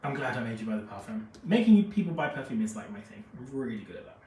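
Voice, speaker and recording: A man's voice: mid-range voice, very animated, quick pace, dark tone. Chatty man, echoey and distant. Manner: chatty and gushing, reads out viewer comments. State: unwell after a jab, feverish. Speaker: fragrance expert host. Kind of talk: live-stream product review chat. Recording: echoey room, mic at a distance.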